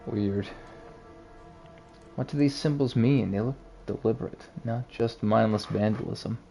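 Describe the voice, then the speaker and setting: A man reading the part of a weary, self-doubting animal detective as a quiet, brooding inner monologue. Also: fairly low pitch, unhurried, vocal fry, soft background music. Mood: bleak. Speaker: game voice-over reader. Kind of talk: reading a story game aloud.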